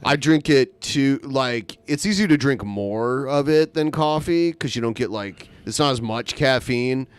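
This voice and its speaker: A man's voice: medium pitch, measured pace, few pauses, clean tone. A man co-hosting a podcast in casual chat, rambling with many fillers and laughing easily. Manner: rambling, lots of likes and uhs, laughs easily. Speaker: podcast co-host.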